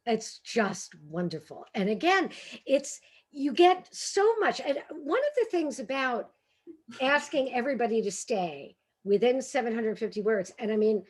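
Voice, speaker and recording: A woman with a brassy Brooklyn accent hosting a bookstore author conversation, animated and self-deprecating, laughing often. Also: on the high side, measured pace, breathy edge. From Brooklyn, New York. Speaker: host and editor.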